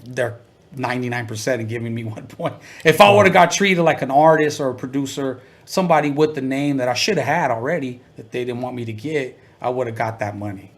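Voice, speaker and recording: A man being interviewed, telling stories casually and acting out the people he quotes, often laughing. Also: mid-range voice. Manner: animated, acts out quotes with laughs. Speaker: guest producer.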